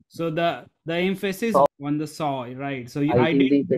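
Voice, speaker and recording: A middle-aged man leads an online coaching session over a video call, speaking into a desk microphone. His voice sits a little high for a man, and he leans hard on key words, repeats his points and calls on people by name. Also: normal speed, darkish tone. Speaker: storytelling coach. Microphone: desk USB microphone.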